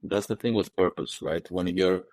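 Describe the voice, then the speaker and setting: A man who is a podcast guest, speaking calmly and reassuringly, often restarting his phrases. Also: low voice, moderate pace, low-quality recording. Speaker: podcast guest, psychology coach. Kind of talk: reflective conversation.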